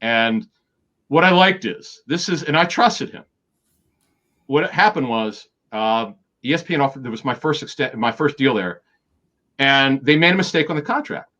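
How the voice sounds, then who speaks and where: A middle-aged man tells a long anecdote as an interview guest, acting out the dialogue and restarting his sentences. His voice sits at a mid pitch. The recording sounds slightly dull. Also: expressive, sharp tone. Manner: rapid anecdotal storytelling with quoted dialogue and many restarts. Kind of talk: storytelling in an interview.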